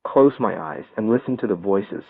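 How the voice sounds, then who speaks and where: A man's voice: fairly low pitch, normal speed, vocal fry, dry recording. Man narrating, tinny phone-like sound. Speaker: audiobook narrator. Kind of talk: first-person audiobook narration.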